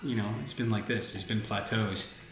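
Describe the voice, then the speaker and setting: A man co-hosting a casual faith talk, animated and candid, with casual swearing. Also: on the low side, moderate pace, echoey room, faint music behind. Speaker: podcast co-host.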